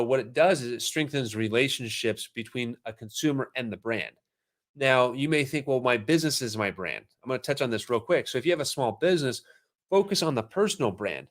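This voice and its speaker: A man hosting a casual live stream about marketing, energetic and salesy, with quick asides to viewers. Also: medium pitch. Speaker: marketing show host.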